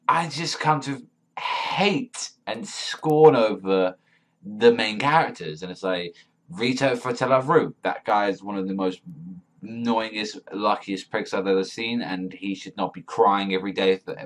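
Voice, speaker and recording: A man's voice: fairly low pitch, fairly even intonation, moderate pace, a bit bright. A man giving a casual, profane review, rambling with lots of fillers and swearing. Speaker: manga reviewer.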